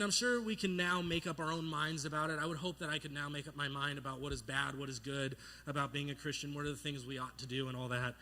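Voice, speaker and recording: A young male pastor delivers a sermon in a bright, forceful voice that sits a little high. He tells stories in a playful, animated way and acts out the voices of the people in them. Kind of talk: sermon with storytelling.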